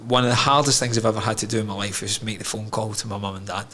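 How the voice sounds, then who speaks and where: A man's voice: fairly low pitch, steady tone, very fast, sharp tone, a little hiss or hum. A man, a podcast guest telling his own story candidly, frank and emotional, swearing freely.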